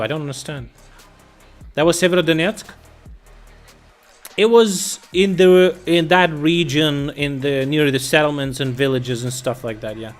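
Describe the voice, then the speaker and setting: A man's voice: on the high side, unhurried, soft background music. A man streaming casual, profane commentary on war news, reading headlines and reacting bluntly. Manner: profane, blunt, bursts of loud laughter.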